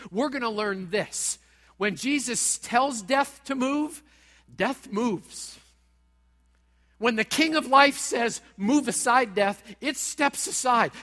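A pastor preaching a sermon in a church, talking straight at the congregation in a dramatic way. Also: male voice, very high-pitched, a bit bright, big-room sound. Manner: dramatic, direct, acts out quoted voices.

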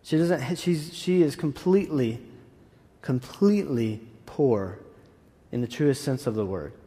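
A man's voice: medium pitch, a little slow, dark tone. A man preaching a sermon as pastor in a casual, enthusiastic way with asides. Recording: echoey hall.

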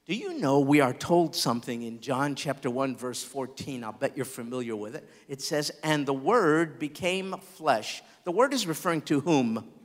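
A man preaching a sermon as pastor, expressive, with large swings in loudness. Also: medium pitch, moderate pace. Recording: long hall reverb.

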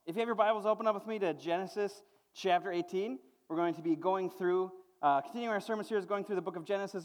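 A pastor with a bright, high-pitched voice preaches in a casual, animated way. His words ring out with a long reverb through the church sanctuary, and he keeps the tone easy and friendly. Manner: animated, conversational preaching with quick auctioneer-style imitations. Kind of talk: sermon.

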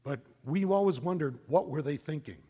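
A middle-aged man preaching a sermon, telling a story in an animated, conversational way. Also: fairly high pitch, moderate pace. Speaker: pastor.

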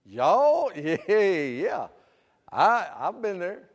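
Preacher guy, 50s, fairly high voice, booms then drops low, echoey hall. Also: big pitch swings, moderate pace. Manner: preaching with sudden loud emphatic bursts and dropped asides. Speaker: pastor. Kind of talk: sermon.

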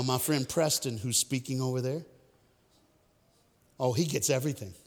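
A man giving a storytelling sermon as a guest speaker, joking and talking straight to the crowd. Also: mid-range voice. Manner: lively, joking, direct addresses to the crowd. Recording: echoey hall.

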